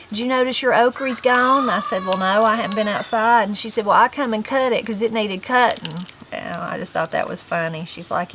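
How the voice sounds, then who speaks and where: A woman's voice: on the low side, fairly bright tone, a little hiss or hum, rough recording. A middle-aged woman with an Appalachian accent, telling folksy, rambling stories in casual chat. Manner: rambling, folksy storytelling with fillers. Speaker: host.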